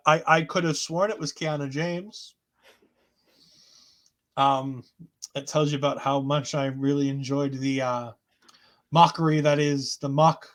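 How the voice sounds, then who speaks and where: A high-pitched man co-hosting a relaxed chat show. He runs through the evening's events with dry sarcasm and fake outrage. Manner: sarcastic, mock-outraged asides. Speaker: wrestling podcast co-host. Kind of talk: casual chat.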